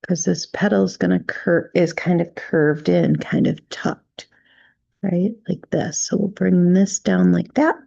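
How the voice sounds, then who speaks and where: A woman leads a relaxed drawing tutorial in a low, mellow voice with a strong gravelly texture. She explains each stroke patiently and checks in often with the viewer. The recording is dry and a little dull, as if on a modest mic. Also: no echo. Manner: gentle, unhurried, narrates each stroke with "right?" checks. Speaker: drawing instructor.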